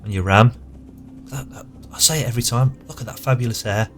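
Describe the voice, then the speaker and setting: A man's voice: medium pitch, fast talker, a bit bright. A man casually talking through his game as he plays, muttering to himself as he goes. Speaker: player narrating his game. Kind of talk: casual gameplay commentary. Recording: music playing clearly behind.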